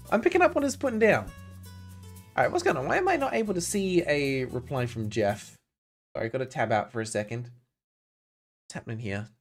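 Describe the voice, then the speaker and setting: Chatty excitable guy streaming a game, joking around and talking to chat, middle pitch. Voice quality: excitable, chatty, jokey, often chats with viewers. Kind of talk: casual game-stream commentary.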